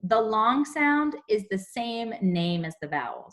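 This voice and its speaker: A young woman teaching a phonics lesson to young children over a video call, explaining slowly and clearly. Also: mid-range voice, big pitch swings. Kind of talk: online class phonics lesson.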